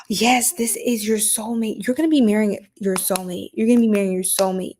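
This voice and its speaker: A tired woman giving a late-night live stream tarot reading, chatting playfully in slang and often dropping into soft whispers. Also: medium pitch, steady tone, fairly quick, few pauses. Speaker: tarot reader.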